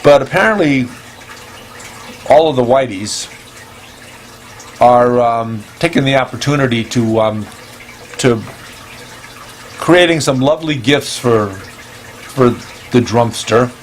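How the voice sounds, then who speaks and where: A man with a middle-pitched voice hosts a loose, joking monologue. He stumbles through ums and restarts, keeps a playful deadpan, and now and then jumps into a high-pitched exclamation. Faint background noise and running water sit behind him. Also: slow pace, pauses often. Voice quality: hesitant, full of ums and restarts. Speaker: host. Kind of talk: casual rambling comedy monologue.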